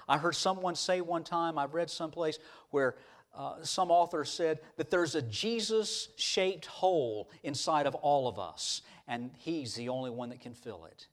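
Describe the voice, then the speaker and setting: A man's voice: a little high, unhurried. A man preaching a sermon, telling stories in a folksy way with many restarts. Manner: animated, folksy, with repeated restarts. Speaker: pastor. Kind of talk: storytelling sermon.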